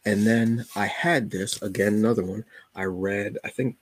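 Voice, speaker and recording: A man with a fairly low, husky voice talks loosely and jokingly as a podcast host, like he is chatting with friends. The sound is dry and close, with no room around it. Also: fairly even intonation, moderate pace, no echo. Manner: laid-back, joking, colloquial. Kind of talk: casual solo chat.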